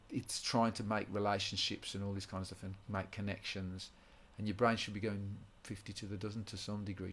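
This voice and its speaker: Low-voiced man teaching guitar rhythm. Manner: rambling with many restarts, counts rhythms aloud. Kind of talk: informal spoken lesson.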